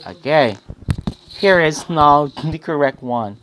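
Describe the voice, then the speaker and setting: Slow, lively woman teaching grammar. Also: low voice, slight background noise. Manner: explains with quiz-like questions and addresses listeners as guys. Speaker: English teacher. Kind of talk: recorded grammar lesson.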